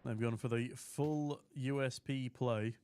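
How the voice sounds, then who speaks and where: A man's voice: medium pitch, steady tone, takes it slowly. A man casting a live esports match alone, calling the action and chatting with viewers in between. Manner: chatty, eating while casting, reads chat aloud, rises to shouting at big plays. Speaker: esports caster. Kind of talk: solo live esports commentary with chat replies. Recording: streamed with clear background noise.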